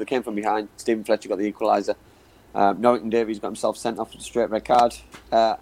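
A man's voice: fairly low pitch, a little mellow, low-quality recording. A man giving football analysis on a live chat show, often repeating words and saying "you know what I mean". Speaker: football pundit.

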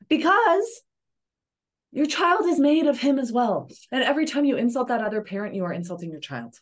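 A woman's voice: on the high side, sing-song, a little fast. A woman therapist, a podcast guest, giving earnest advice in a coaching manner. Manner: earnest, coaching, acts out examples.

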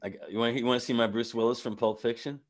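A man's voice: mid-range voice, fairly even intonation, rapid-fire. A man hosting a podcast, playful and joking in casual chat. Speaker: podcast host.

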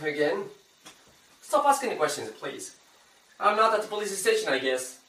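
A man acting as an unfaithful husband in an amateur drama, his voice high and bright. He talks curtly and brushes off every question. The sound is echoey and comes from far off. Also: big pitch swings, normal speed, exaggerated voice. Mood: dismissive. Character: unfaithful husband, dismissive and evasive. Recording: echoey room heard from far off with faint noise.

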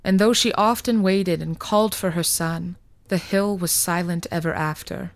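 Woman narrating a slow quiet tale. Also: on the low side, steady tone, no echo. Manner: slow, measured, hushed. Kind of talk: scripted fiction narration.

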